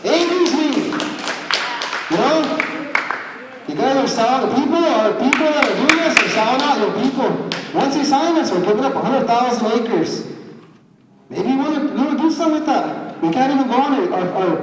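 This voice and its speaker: A tribal councilman gives an impassioned, angry speech at a public meeting, blunt and stumbling over repeated words as he heats up. His voice is very high-pitched, animated and brisk. The recording has an echoey, far-off hall sound with slight background noise.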